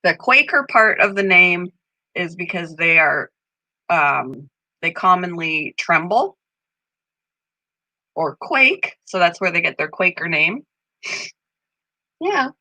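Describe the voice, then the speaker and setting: A woman chatting casually with viewers from a room at home. Her voice is bright and forward, recorded dry and close. She talks slowly and sometimes coos at her pet bird in a high, sing-song voice. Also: big pitch swings, dry recording, rough recording. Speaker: channel host. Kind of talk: casual live-stream chat.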